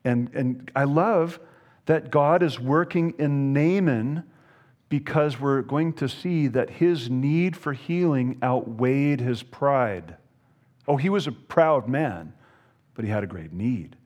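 A pastor giving an animated expository sermon, emphatic, with playful asides and frequent repeated words. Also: male voice, medium pitch, slow. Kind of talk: expository Bible teaching sermon.

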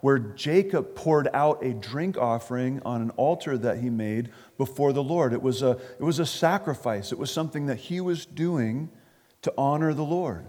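A man's voice: mid-range voice, animated, moderate pace, a little mellow. A man preaching an expository sermon, earnest, often repeating words as he stresses a point. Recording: long reverb of a large hall.

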